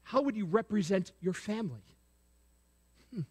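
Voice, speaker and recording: Male pastor with a very high voice, preaching and prompting the congregation with questions, long church reverb. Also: lively intonation, moderate pace, darkish tone, husky. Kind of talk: sermon. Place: church sanctuary.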